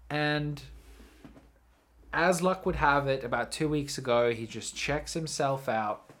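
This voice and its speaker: Male podcast host, loose rambling storyteller, casual swearing, mid-pitched voice. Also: animated, normal speed, fairly bright tone. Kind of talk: casual solo podcast monologue.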